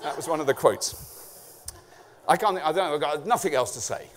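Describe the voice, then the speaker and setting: A middle-aged man from England speaks at a conference in a high voice, swearing freely and cracking sarcastic jokes. His talk is a loose, comic rant on stage. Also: normal speed, slight background noise.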